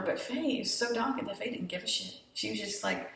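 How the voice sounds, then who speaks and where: A woman casually recapping a TV episode, animated, blunt and full of swearing. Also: on the high side, moderate pace. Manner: animated retelling, profane and blunt. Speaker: TV show reviewer. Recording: very echoey room, distant mic.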